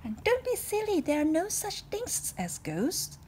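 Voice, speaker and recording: A woman's voice: very high-pitched, wildly swooping pitch, unhurried, a little mellow, a little hiss or hum, pitched above the performer's own voice, heavily acted. A woman doing a blustering old Admiral.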